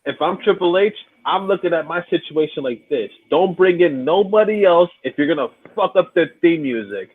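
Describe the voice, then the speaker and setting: A man's voice: a little high, lively intonation, moderate pace, few pauses, slightly rough. A man co-hosting a casual podcast by remote call, ranting and swearing freely. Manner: profane, ranting. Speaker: podcast co-host. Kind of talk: casual chat. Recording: tinny phone-like line, dry.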